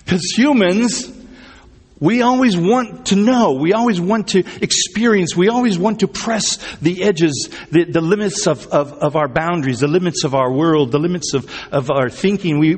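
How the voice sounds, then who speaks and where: Pastor preaching in a reverberant hall. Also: male voice, on the high side. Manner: conversational, asks the congregation questions, repeats words for emphasis. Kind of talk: sermon.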